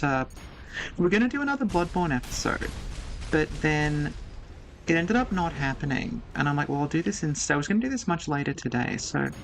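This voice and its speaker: A woman's voice: sits low, slight background noise. A woman streaming a game, chatting casually and thinking aloud as she plays. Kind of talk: casual gameplay commentary.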